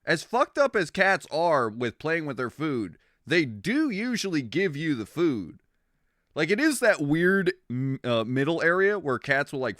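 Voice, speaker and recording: A young man chatting with his stream in a loose, rambling way, swearing and getting excited over odd facts. His pitch swings up and down a lot. The sound is dry and close, with no room around it. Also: no echo. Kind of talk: casual chat with stream viewers.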